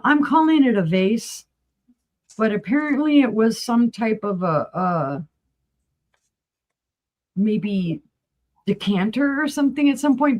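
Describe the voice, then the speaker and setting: A woman with a New Mexico accent talks in a folksy, chatty way as a guest on a live sale stream. She walks viewers through each piece up close. Her voice sits at an ordinary middle pitch. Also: a little mellow. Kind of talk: casual live-sale chat.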